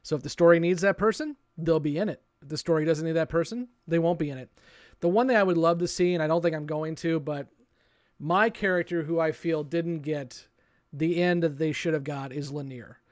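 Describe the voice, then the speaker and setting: A man's voice: on the high side, a little fast, dry recording. Male podcast host, casual and musing, reads listener questions, dry close sound. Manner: reads listener questions, thinks aloud with hesitations.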